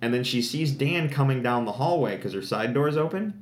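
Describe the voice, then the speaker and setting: A man's voice: mid-range voice, animated, a little fast, roomy sound. A man co-hosting a podcast, chatting casually and enthusiastically, rambling with lots of fillers. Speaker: podcast co-host. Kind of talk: casual chat.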